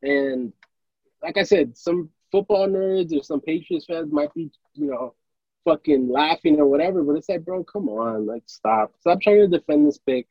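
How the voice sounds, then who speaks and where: Angry ranting young man, husky voice. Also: fairly high pitch, animated, normal speed, no echo, dull audio. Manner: angry, profane, repetitive ranting. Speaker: podcast co-host. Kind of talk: heated sports rant.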